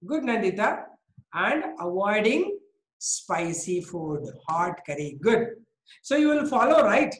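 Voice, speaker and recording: A woman's voice: mid-range voice, very animated, slow, reverberant, a little hiss or hum, rough recording. A woman with an Indian English accent teaching a biology class, coaxing students and praising them by name.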